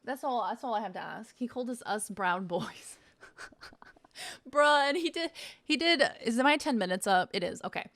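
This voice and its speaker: A woman streamer chats casually with her viewers during a live stream, playful, laughing a lot and swearing freely. Her voice is on the high side, animated and fairly bright, at a moderate pace.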